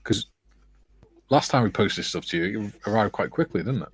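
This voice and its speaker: A man's voice: on the low side, expressive, moderate pace, slightly rough, no echo. An English man hosting a casual livestream chat, reading out viewer comments in a loose, amused, rambling way. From England. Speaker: livestream host. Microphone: streaming setup, video call.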